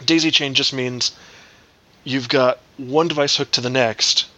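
A man's voice: medium pitch, steady tone, unhurried, bright, forceful tone. A man co-hosting a casual podcast, explaining technical things at length with fillers. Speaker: podcast co-host.

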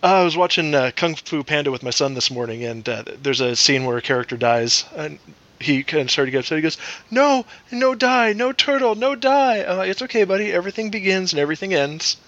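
A man's voice: on the high side, fast, fairly bright tone, lo-fi sound. A man in his thirties, co-hosting a podcast, telling joking self-deprecating stories in casual chat. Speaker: podcast co-host.

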